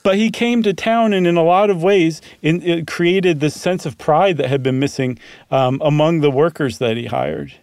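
Higher-voiced man telling a story. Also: normal speed, gravelly, darkish tone, clean tone, no echo, studio quality. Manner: conversational storytelling with frequent um fillers. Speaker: podcast co-host. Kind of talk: casual chat.

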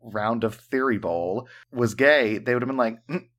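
A man co-hosting a casual podcast, animated and joking, with plenty of profanity. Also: medium pitch, normal speed. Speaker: podcast co-host. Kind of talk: casual chat.

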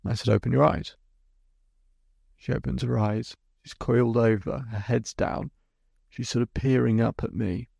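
A man's voice: medium pitch, fairly even intonation, moderate pace, vocal fry, pauses often, a little mellow, husky, no echo, clean studio sound. A man hosting a podcast as a hypnotherapist, telling a client's story in vivid detail and acting out both sides of the conversation. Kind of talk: storytelling monologue.

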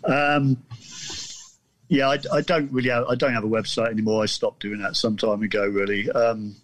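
The guest author, a southern English man, tells his story casually, self-deprecating and rambling with faltering restarts. He speaks at a medium pitch in a level tone, and a little hiss or hum is audible.

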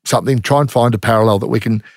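A middle-aged Australian man speaking bluntly and without fuss, with plenty of slang in his stories. His voice sits at a middle pitch. The recording is dry, with no room echo. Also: racing. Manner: blunt, matter-of-fact, slangy, acts out quoted voices. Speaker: former undercover police officer. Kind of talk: casual interview storytelling.

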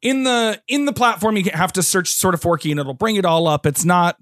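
A man hosts a podcast, chatting with his guest in a friendly, appreciative way. His voice sits a bit high for a man and sounds close and dry on the mic. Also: fairly quick, a bit bright, dry recording. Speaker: podcast host. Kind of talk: casual chat.

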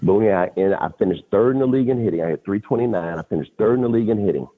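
A man in his fifties, a podcast guest, telling stories in a casual, animated way, often laughing and repeating phrases. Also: fairly low pitch, racing. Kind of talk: casual storytelling. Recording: phone-like lo-fi audio.

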